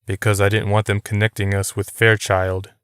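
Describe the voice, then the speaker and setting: A man reading as a calm, blunt giant. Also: lowish voice, normal speed, smooth, no echo, studio quality, lightly acted. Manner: short, blunt replies.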